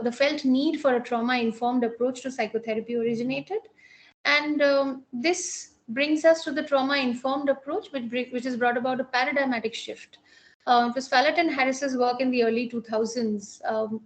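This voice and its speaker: Her accent is Indian English, and she is a clinical psychologist giving a careful academic lecture about psychotherapy. The voice is on the high side, and her delivery has many pauses and restarts.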